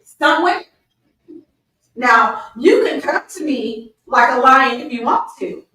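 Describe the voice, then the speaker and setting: A woman in casual chat, talking in an animated, playful way. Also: high voice, slow pace, recorded from a distance, slight background noise. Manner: animated and playful, laughs often. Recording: echoey room, away from the mic.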